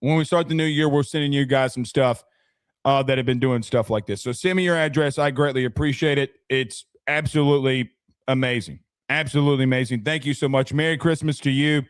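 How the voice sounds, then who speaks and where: A man's voice: mid-range voice, steady tone, brisk, smooth, no room sound, studio quality. A young man hosting a casual sports talk stream, chatty, thanking viewers and often restarting his sentences. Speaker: sports podcast host.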